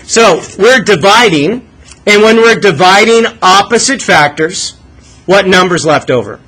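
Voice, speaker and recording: A male math teacher talks a classroom through a lesson, prodding students with questions and asking them to think out loud. His voice sits high for a man and sounds bright. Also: animated, unhurried, low-quality recording.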